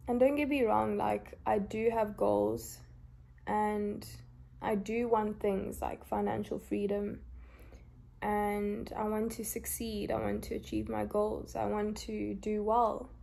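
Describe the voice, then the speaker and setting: Tired young woman, slow and gravelly. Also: mid-range voice, flat delivery. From South Africa. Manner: soft-spoken, emotional and open. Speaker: vlogger. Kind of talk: confessional vlog. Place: lying in bed.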